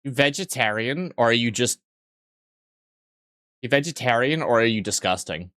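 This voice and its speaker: A man's voice: mid-range voice, expressive, normal speed, a bit bright, dry recording, clean studio sound. A young man streaming live, joking crudely and rambling as he reads and answers his chat.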